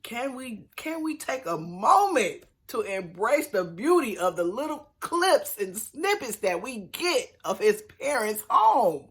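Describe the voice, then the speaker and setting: Host, woman, animated and emphatic, casual show recaps. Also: on the high side, slow pace, hardly any pauses. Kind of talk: casual commentary.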